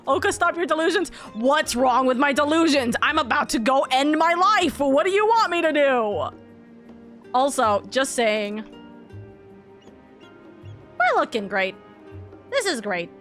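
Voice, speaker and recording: Woman streamer, high pitch, excitable, foul-mouthed, soft game music behind. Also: measured pace, long pauses. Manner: excitable, profane, laughs often. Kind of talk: casual live-stream chatter.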